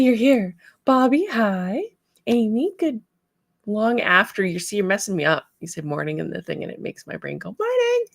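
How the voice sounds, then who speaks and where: A chatty woman hosts a casual livestream in a low, gravelly voice. She laughs easily and greets viewers by name, recorded close and dry. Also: dry recording. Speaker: livestream host.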